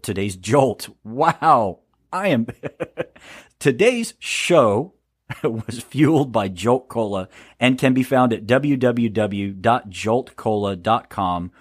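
A man's voice: medium pitch, no room sound, clean studio sound. A man hosting a solo podcast, talking in a sarcastic, rambling way with stammers and laughs. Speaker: podcast host.

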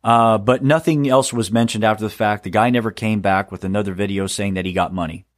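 A man's voice: on the low side, steady tone, a little fast, no echo, clean studio sound. A man hosting a solo podcast, talking in a sarcastic, rambling way with stammers and laughs. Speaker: podcast host.

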